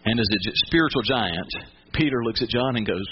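A man's voice: medium pitch, expressive, brisk, slightly rough, lo-fi sound. A man preaching a sermon in a conversational way, asking the listeners questions. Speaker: pastor.

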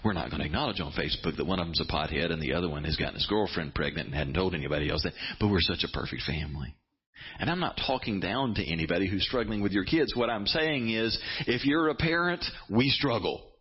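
Husky-voiced male pastor preaching. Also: medium pitch, dull audio. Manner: preaching with rising intensity, quoting scripture dramatically. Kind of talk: sermon.

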